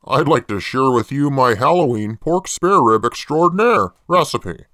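A man playing a creepy jailed male killer in a comedy parody ad, rambling deadpan and swearing a lot. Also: medium pitch, moderate pace, no echo, studio quality.

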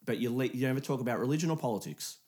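A man's voice: mid-range voice, rapid-fire, darkish tone. Joking laid-back young man. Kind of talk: casual chat.

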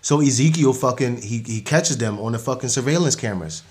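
A man's voice: mid-range voice, brisk, darkish tone. A man hosting a podcast, recapping a movie in casual slang, rambling with frequent restarts and laughs. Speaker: podcast host.

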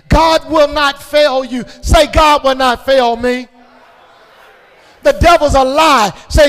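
High-voiced man preaching in an echoey hall. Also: measured pace, faint music behind. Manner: preaching with shouted call-and-response, sing-song cadence. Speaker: pastor. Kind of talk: sermon. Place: church.

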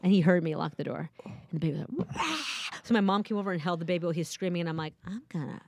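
A woman's voice: fairly low pitch, racing, no echo. A woman in her thirties chatting casually, telling a story and acting out the dialogue in different voices, with frequent laughs. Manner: animated, acts out quoted dialogue in voices, laughs often.

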